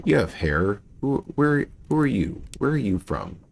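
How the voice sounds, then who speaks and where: A man streaming a mystery game, thinking aloud and chatting with his viewers in a relaxed way. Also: medium pitch, a little slow, gravelly, a little hiss or hum. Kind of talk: casual gameplay commentary.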